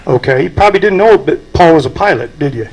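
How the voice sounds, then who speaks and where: A man's voice: fairly high pitch, lively intonation, quick pace, darkish tone, low-quality recording. An older man, speaking at a memorial and telling folksy anecdotes with chuckles. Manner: folksy storytelling, chuckling at his own stories. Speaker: aviation club president giving a eulogy.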